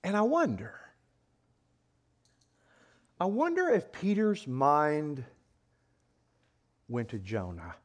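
A man preaching a sermon in an animated way, acting out voices with sudden loud outbursts. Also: on the high side, takes it slowly, long pauses.

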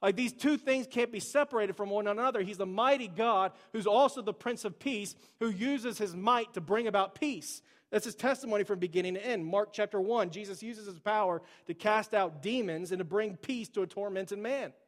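A man's voice: high-pitched, normal speed, few pauses, long reverb tail. A pastor delivering a conversational sermon to his church, peppering it with casual asides and acting out Bible quotes.

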